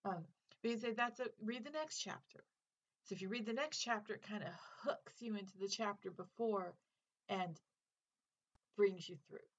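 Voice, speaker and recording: A woman's voice: mid-range voice, creaky, a bit bright, dull audio. A woman English teacher hosting a literature podcast, giving a casual spoken lesson in an earnest, chatty way with fillers.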